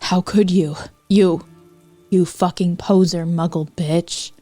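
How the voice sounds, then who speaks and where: A woman's voice: lowish voice, fairly even intonation, slow, warm tone, dry recording, faint music behind. A woman voicing a moody teenage boy wizard who speaks in an angry, clipped way.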